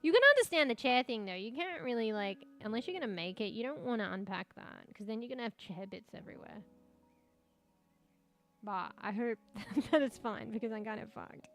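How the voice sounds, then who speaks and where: A woman's voice: a little high, lively intonation, brisk, a bit bright, soft background music. A young woman streamer chatting casually with her viewers, rambling, swearing and laughing often.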